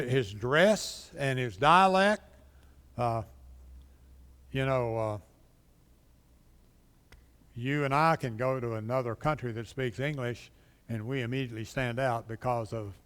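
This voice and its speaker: A man's voice: mid-range voice, a bit bright, clear, resonant tone. A man teaching a casual Bible class, chatting and quizzing the class as he goes. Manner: conversational, asks the class questions, acts out quotes. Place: church classroom. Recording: long hall reverb.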